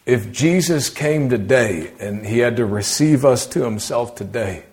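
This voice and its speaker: A man preaching a sermon in a conversational way, asking rhetorical questions and often dropping his voice low for emphasis. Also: expressive, unhurried, a little mellow.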